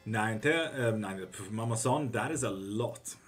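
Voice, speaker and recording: A man with a lowish, slightly slow voice hosts a casual livestream tarot reading over soft background music. He reads viewers' questions aloud and answers bluntly, swearing freely.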